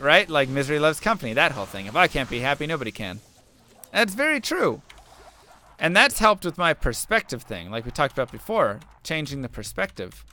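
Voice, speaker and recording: A young male streamer with a bright, ringing voice that sits a little high for a man. His tone is smooth and clean as he muses aloud and tells an earnest story between quick remarks about the game. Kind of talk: casual chat while playing.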